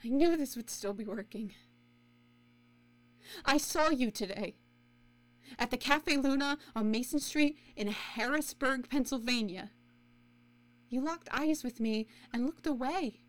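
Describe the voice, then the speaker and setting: A woman's voice: sits high, measured pace, long pauses, soft background music, poor audio. A woman playing a heartbroken mother leaving a bitter, swearing voicemail for a first love she thought was dead, in a scripted audio drama. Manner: bitter, swearing, raw and pleading.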